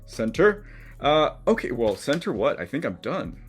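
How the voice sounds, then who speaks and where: Speaking to camera in his studio, a middle-aged channel host and collage artist walks through his pieces with chatty encouragement, easily stirred emotionally. He sounds mid-range and very animated, unhurried, with faint music behind him.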